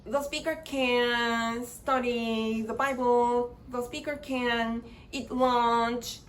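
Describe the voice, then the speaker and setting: A woman explaining grammar in a slow, halting lecture, often repeating words as she searches for phrasing. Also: a little high, fairly even intonation, low-quality recording.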